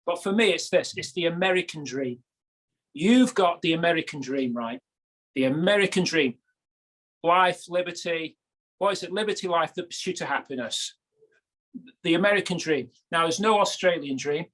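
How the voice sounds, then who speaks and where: High-voiced British man bantering. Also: animated, moderate pace, a bit bright. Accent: British English. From Britain. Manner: jokey, anecdotal banter. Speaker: guest. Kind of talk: casual podcast chat.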